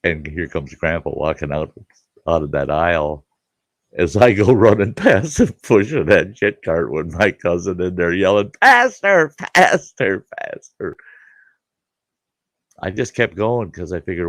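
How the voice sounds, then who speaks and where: A man's voice: sits low, lively intonation, normal speed, dry recording. A middle-aged man telling a rowdy childhood farm story in a folksy, casual way, often laughing as he talks. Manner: folksy, laughs through his own tale. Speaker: storyteller host.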